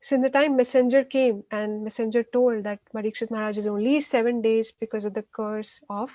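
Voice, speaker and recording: A woman's voice: on the high side, steady tone, brisk, warm tone, dry recording, muffled recording. A woman teaching a children's class, retelling a story in simple words with frequent restarts and fillers.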